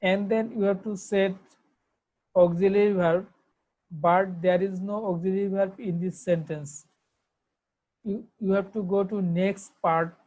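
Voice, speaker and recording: A woman's voice: medium pitch, fairly even intonation, measured pace, long pauses, a little mellow, lo-fi sound. A woman with a Bangladeshi accent, giving an online English grammar lesson, who repeats herself and spells words out letter by letter. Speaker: English teacher.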